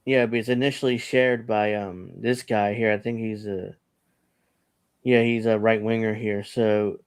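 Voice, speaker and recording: A man's voice: lowish voice, little pitch movement, measured pace, smooth. A man hosting a casual online news panel, rambling and reading posts aloud with frequent laughs. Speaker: host.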